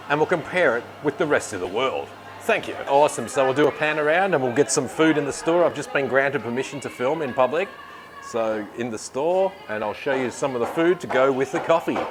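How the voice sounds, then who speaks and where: An Australian man hosting a casual walk-and-talk vlog, filming himself on a handheld camera and rambling cheerfully as he thanks people. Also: mid-range voice. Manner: chatty, rambling, says thank you a lot. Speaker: vlogger host. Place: bakery and city street, indoors and outdoors.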